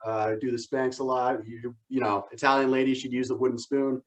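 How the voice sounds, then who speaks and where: A man hosting a virtual comedy show, thanking the comics and wrapping up with a quick story. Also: mid-range voice, level tone, a loud crowd.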